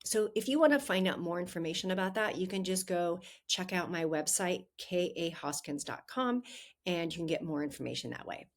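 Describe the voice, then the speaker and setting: Chatty woman coach with a lower voice. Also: expressive, fairly quick. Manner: conversational, frequent "um" and "right?" tags. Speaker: podcast host and relationship coach. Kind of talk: solo podcast advice talk.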